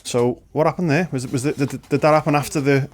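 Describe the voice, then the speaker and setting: A man hosting a podcast, asking quick, inquisitive questions in a casual interview. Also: on the high side, fairly even intonation. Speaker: podcast host.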